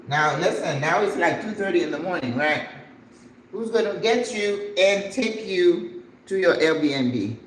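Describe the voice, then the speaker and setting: An older woman hosting a cooking channel, telling a story in a lively, dramatic way as she cooks and acting out the people in it. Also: lowish voice, unhurried. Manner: animated, dramatic storyteller who acts out the people in her story. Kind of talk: casual storytelling while cooking. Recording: echoey room with faint background noise.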